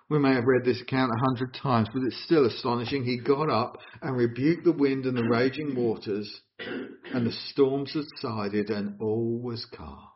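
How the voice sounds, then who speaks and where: A man preaching a sermon in an earnest, expressive way, asking his listeners questions. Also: mid-range voice. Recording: dull lo-fi recording.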